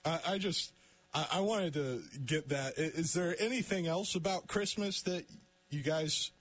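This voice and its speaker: A man's voice: on the high side, fairly bright tone. A young man hosting a casual radio talk show, stumbling and restarting his sentences as he chats. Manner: halting, many restarts, laughs often.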